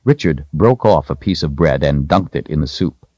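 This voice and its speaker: Deep, expressive male audiobook narrator. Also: moderate pace, no echo, lo-fi sound. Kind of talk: scripted narration.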